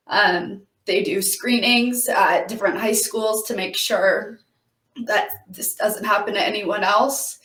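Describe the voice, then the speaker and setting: A young woman, an intern, speaking earnestly and gratefully on a community radio talk show, a little halting. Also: mid-range voice, fairly bright tone, recorded from a distance. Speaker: intern and guest. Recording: roomy, away from the mic.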